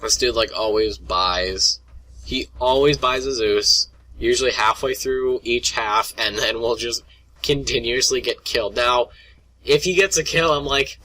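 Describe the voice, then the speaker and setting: A young man with a bright, forceful voice rants in a loose, rambling way to his viewers. He stumbles and restarts often and mimics other people now and then. A faint hiss sits under the recording. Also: medium pitch, a little slow. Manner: rambling, lots of fillers and restarts, mock voices for other players. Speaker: gaming vlogger. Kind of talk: casual rant to camera.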